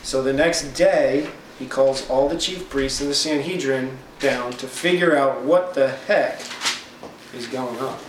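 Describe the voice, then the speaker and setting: A man's voice: medium pitch, unhurried. Chatty man teaching from scripture, roomy sound. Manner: reads scripture then paraphrases it in plain, chatty terms. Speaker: Bible teacher. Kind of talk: casual Bible study teaching. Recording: roomy echo, distant mic, faint noise.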